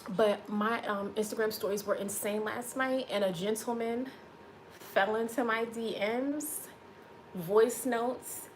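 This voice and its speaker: A woman's voice: a little high, steady tone, slow, slight background noise. A woman hosting a casual livestream, chatting playfully with viewers and reading their comments aloud. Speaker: livestream host.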